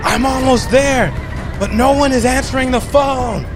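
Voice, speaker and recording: Man putting on a frantic action-hero dad, yelling, high-pitched, loud, music behind. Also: measured pace. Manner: yelling desperately.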